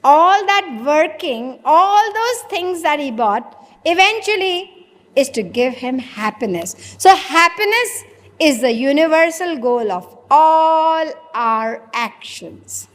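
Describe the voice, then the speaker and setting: High-voiced woman preaching in a reverberant hall. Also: expressive, takes it slowly. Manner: rhetorical, questions the audience and answers herself. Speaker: spiritual preacher. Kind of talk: sermon.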